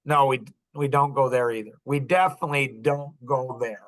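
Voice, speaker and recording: An older man hosting a podcast, telling stories to a group in an animated way and acting out quotes with sudden loud bursts. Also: medium pitch, moderate pace, rough recording. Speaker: podcast host. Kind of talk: storytelling to a live group.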